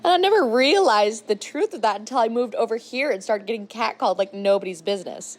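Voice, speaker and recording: A woman's voice: fairly high pitch, fairly quick. A woman from Utah, a crafts creator, telling stories in a chatty, playful voice-over. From Utah, USA. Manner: chatty, animated, playful asides. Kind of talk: casual storytelling voice-over.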